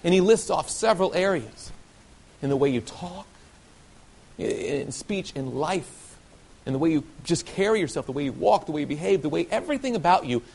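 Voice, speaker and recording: A man from the southern United States giving an animated sermon-style talk to young people and asking many rhetorical questions. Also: on the high side. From Southern United States (Nashville, Tennessee). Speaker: youth speaker.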